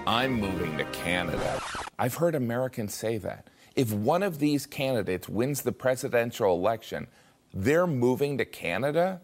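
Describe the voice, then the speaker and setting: A man's voice: mid-range voice, animated, moderate pace, faint music behind. A man delivering a scripted comic commentary in a dry, self-mocking way. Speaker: comedy commentator.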